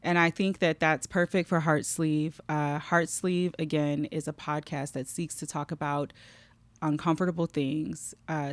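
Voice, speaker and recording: Low, gravelly-voiced woman podcast host. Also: dry recording. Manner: warm, emotional, fighting back tears. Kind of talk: heartfelt podcast conversation.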